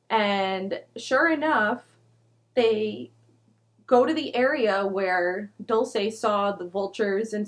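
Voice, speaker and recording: Chatty woman telling a true crime story. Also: medium pitch. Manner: chatty, heavy use of "like", indignant asides. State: out of breath. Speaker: true crime podcast host.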